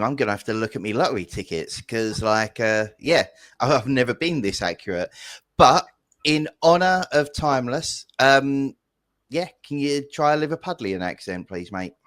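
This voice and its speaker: A man co-hosting a gaming stream, talking in a relaxed, hesitant way with many restarts. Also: mid-range voice, normal speed, no echo. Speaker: guest host. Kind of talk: casual chat.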